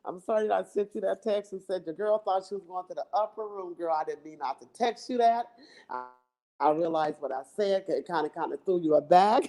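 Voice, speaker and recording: A woman's voice: lowish voice, brisk, dark tone. A woman vlogger chatting casually and playfully to her viewers into her phone, laughing often as she teases.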